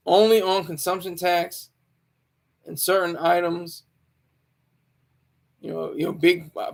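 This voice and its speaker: With a creaky voice on the high side, a man who served as a Marine drifts through a loose, casual monologue. He's opinionated and keeps pausing to correct what he just said.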